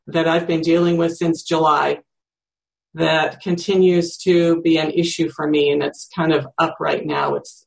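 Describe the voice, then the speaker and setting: A speaker in their sixties, teaching by demonstration, talking slowly and reflectively, searching for words and thinking aloud with pauses. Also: medium pitch, vocal fry. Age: 60s. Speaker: teacher demonstrating self-empathy.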